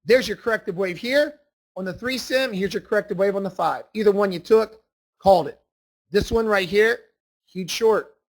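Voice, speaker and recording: A man with a notably high voice walks through trading charts as an instructor. He talks emphatically and repeats his points with a salesman's push. He speaks as a voice-over on a desk mic. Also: fairly quick. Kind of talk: screen-share trading lesson.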